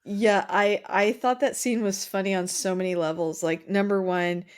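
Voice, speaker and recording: A woman's voice: mid-range voice, fairly even intonation, normal speed, clean tone. A woman hosting a podcast, chatting casually about a film with frequent fillers and restarts. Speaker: podcast host. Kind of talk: casual chat.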